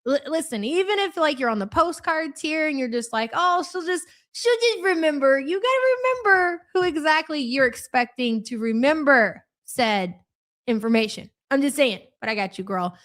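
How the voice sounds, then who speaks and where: High-voiced brash woman streamer. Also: animated, fairly bright tone. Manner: brash, teasing, reads chat names rapidly. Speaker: livestream host. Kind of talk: casual live-stream chat.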